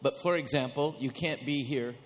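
Lively man in a reverberant hall. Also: medium pitch, normal speed, a little hiss or hum. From Mexico. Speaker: author guest. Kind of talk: panel discussion.

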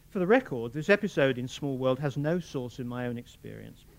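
An older novelist who reads from his own work and then discusses it in a measured, dry, articulate way. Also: mid-range voice, vocal fry. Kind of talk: reading aloud and lecturing.

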